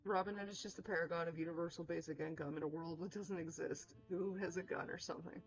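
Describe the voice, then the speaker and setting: A woman's voice: fairly low pitch, steady tone, fast. A young woman streaming a game, rambling and joking casually with lots of fillers. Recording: dull lo-fi with music.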